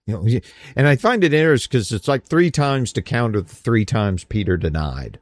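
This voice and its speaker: A man's voice: fairly low pitch, big pitch swings, brisk, no echo. Folksy man teaching Bible study. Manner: conversational, lots of "you know" and restarts, folksy slang.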